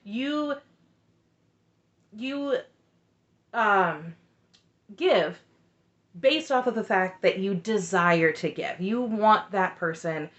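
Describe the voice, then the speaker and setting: A woman with a bright, clear voice talks through a reality show episode in a casual, opinionated recap. She is candid and animated and often stops for asides. Her pitch sits in the middle of the usual range. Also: very slow, pauses often, lo-fi sound.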